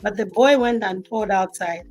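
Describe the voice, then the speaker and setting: A woman who grew up in Zambia, telling a family story on a talk show panel, acting out the quotes with sudden loud bursts. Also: medium pitch, moderate pace, faint music behind. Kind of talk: casual storytelling.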